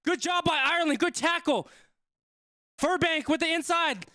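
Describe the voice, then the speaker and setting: Excitable man commentating a live stream. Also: very high-pitched, normal speed, dry recording, clean studio sound. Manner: excitable, repeats exclamations. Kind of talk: live watch-along sports commentary.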